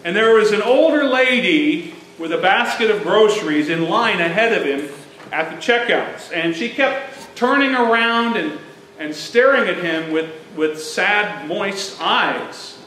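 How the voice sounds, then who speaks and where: A man's voice: sits high, expressive, unhurried, pushed and bright, slight background noise. A middle-aged male pastor preaching a sermon, telling stories and building up to emphatic points. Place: church sanctuary. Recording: echoey church sanctuary.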